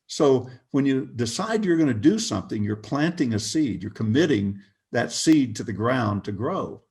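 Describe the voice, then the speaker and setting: An older man, a guest on a video call interview, telling anecdotes with chuckles in an animated, storytelling way. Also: mid-range voice, normal speed, creaky.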